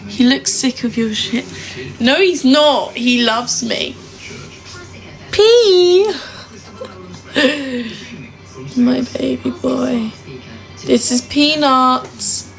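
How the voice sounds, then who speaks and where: A woman's voice: high-pitched, fairly even intonation, extremely slow, gravelly, pauses often, faint music behind, rough recording. A young woman from England, live-streaming casually from her home kitchen and cooing baby talk to her dog. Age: young adult. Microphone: phone livestream. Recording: loud crowd noise behind.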